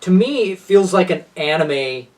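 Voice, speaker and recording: A man's voice: sits high, expressive, a little slow, a little mellow, far from the mic. A man co-hosting a casual podcast chat, gushing with enthusiasm and rambling through restarts. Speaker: podcast co-host.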